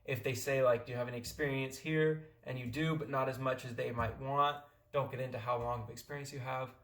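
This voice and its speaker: A man's voice: mid-range voice, fairly even intonation, a little fast, fairly bright tone, roomy sound. A young American man from California giving casual, rambling advice in a vlog. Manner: rambling, many restarts and fillers. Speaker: vlogger.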